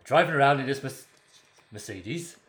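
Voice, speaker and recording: A man's voice: mid-range voice, animated, moderate pace, fairly bright tone, natural voice. A man putting on an impression of a famous Irish broadcaster to tell a joke, the accent slipping toward Welsh. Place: same room as co-host, indoors. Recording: roomy echo.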